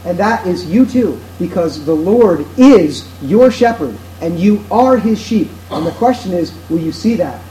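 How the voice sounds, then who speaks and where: A man's voice: sits high, animated, unhurried, few pauses, dark tone, a little hiss or hum, low-quality recording. A man preaching a sermon to his congregation in an earnest, emphatic way, driving his points home through repetition. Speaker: pastor.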